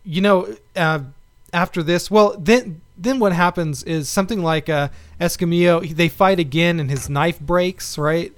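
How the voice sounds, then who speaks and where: A man co-hosting a podcast in casual chat, talking in a halting way with many pauses. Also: high voice, no echo. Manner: halting, many fillers and restarts. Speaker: podcast co-host.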